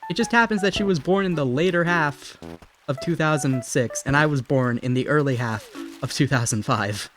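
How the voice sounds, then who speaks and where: A man's voice: fairly high pitch, moderate pace, music in the background. A man in his twenties from Ohio with a subtle Ohio accent, rambling and swearing freely in casual chat as a streamer playing a game. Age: 20s. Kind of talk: casual chat while gaming.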